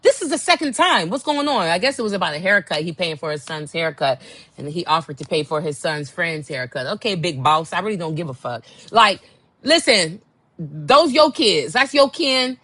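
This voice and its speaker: A woman hosting a podcast, telling a dating story in a sassy, animated way and acting out what people said. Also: fairly low pitch, normal speed, no room sound. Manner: animated, sassy, acts out quotes. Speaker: podcast host. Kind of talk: casual storytelling monologue.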